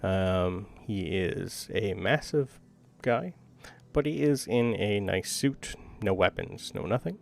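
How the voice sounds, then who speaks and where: A man's voice: lowish voice, animated, slow, creaky, a little mellow. A man running a tabletop game as game master, describing scenes casually with frequent ums.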